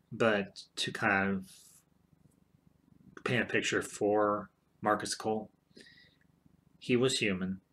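A man talks through a TV storyline in a loose, rambling way, circling back with fillers and restarts. His voice sits low and stays level, with a bright, forceful edge to the tone. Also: breathy edge. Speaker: show commentator. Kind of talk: casual retelling of a TV plot.

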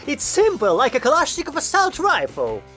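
A man voicing a cheeky, bubbly young woman who talks high and excitedly in an audiobook. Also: moderate pace, soft background music, exaggerated voice.

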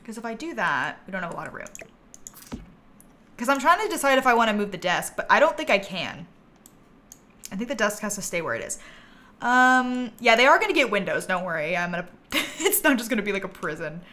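A woman livestreaming a game, chatting casually and thinking aloud, with bursts of giggly excitement. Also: mid-range voice, a little fast. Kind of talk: casual gameplay commentary.

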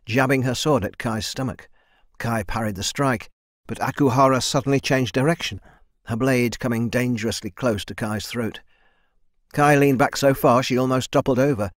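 A man reading a fantasy novel aloud in a steady storytelling voice that lifts for the action beats. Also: medium pitch, no room sound, studio quality. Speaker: audiobook narrator. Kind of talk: scripted fantasy narration.

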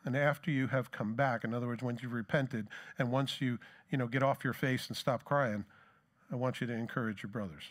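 A middle-aged male pastor delivers a sermon in an easy, conversational way. His voice sits in an ordinary middle pitch for a man. He keeps asking rhetorical questions and adds plain asides as he talks. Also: fairly even intonation, brisk.

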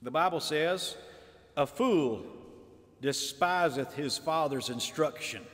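A man preaching a fiery sermon, swinging between shouted lines and low, emphatic asides. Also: takes it slowly, long reverb tail.

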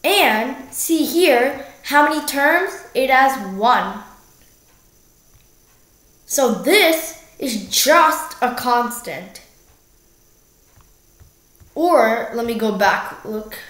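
A woman's voice: on the high side, expressive, a bit bright. A young woman casually walking through algebra problems, correcting herself along the way and joking now and then. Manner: slow, self-correcting, jokey. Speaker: math tutor. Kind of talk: casual math walkthrough. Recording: echoey room.

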